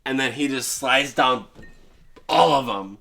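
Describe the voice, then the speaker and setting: A man hosting a comedy show, retelling a holiday movie in a rowdy, profane way and breaking into shouted character voices. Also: mid-range voice, measured pace, gravelly. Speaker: comedy podcast host.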